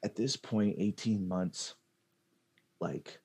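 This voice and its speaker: Young guy, real low husky voice, laid-back slangy chat, trails off a lot. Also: slow, a little mellow. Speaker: podcast co-host, father. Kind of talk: casual chat.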